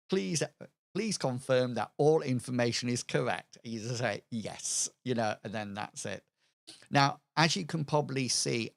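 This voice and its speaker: A man brainstorms a tabletop campaign live on stream, his ideas coming haltingly through restarts and filler words. He has a creaky, fairly bright mid-range voice, with no room sound in the recording.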